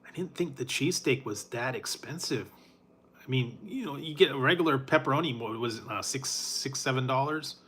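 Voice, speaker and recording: A middle-aged man chatting casually with his live viewers, rambling and laid-back. He talks at an ordinary mid pitch, chuckles often and fills pauses with ums and uhs. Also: a bit bright, slight background noise. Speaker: food reviewer.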